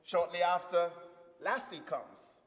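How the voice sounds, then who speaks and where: A man with a high voice preaches to a congregation, building a story and pausing for replies. His voice rings with the long reverb of a church hall. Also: noisy background. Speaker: guest preacher. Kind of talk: sermon.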